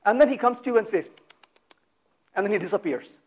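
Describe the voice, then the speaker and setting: A man giving a technical talk at a conference, talking in a lively way, firing off rhetorical questions and acting out exasperated asides. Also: high-pitched, fairly quick, breathy edge. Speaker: conference speaker. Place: conference hall.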